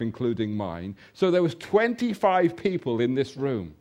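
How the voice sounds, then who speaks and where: Lively man preaching a sermon. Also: mid-range voice. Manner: animated storytelling, slows for emphasis. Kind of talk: sermon with personal story.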